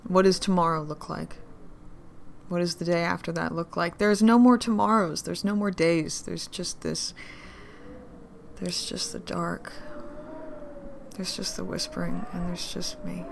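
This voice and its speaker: An actress playing a drunk woman in an audio drama monologue, grieving and bitter, her voice shifting between whispers and louder outbursts. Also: fairly low pitch, normal speed, creaky, a little hiss or hum. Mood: despairing.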